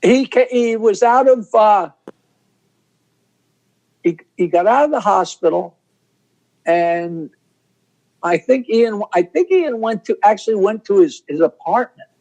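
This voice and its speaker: Rambling older man, raised pitch. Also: animated, unhurried, pauses often, a little mellow, poor audio. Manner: rambling, self-interrupting storyteller. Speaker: interview guest, comedian. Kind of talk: casual interview over video call.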